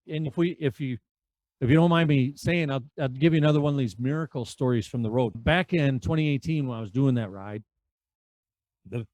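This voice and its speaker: A man in his fifties spins road stories as a podcast guest, animated and quick to act out what people said. His voice sits at an ordinary middle pitch. The sound is dry and close, with no room echo. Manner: animated storyteller who acts out dialogue. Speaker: podcast guest, veterans' charity rider. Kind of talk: conversational storytelling.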